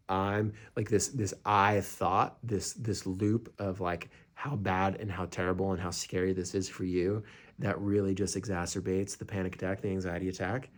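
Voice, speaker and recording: A man's voice: lowish voice, flat delivery, measured pace. A young man teaching meditation in a casual, rambling way, with many fillers and restarts, sometimes acting out what a friend might say.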